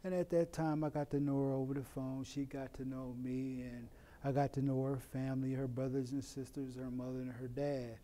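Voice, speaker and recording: A middle-aged man from Oakland, telling a personal story in a plain, unhurried way with many "you know" asides. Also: mid-range voice, little pitch movement, warm tone. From Oakland, California. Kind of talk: personal story told to camera. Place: in prison.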